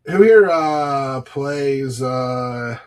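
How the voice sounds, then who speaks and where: A man's voice: mid-range voice, extremely slow, clear, resonant tone. A man casually chatting on a live stream, reading off cards as he opens packs and telling stories to viewers. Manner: chatty, rambling, greets viewers by name while reading cards. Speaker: live stream seller opening card packs.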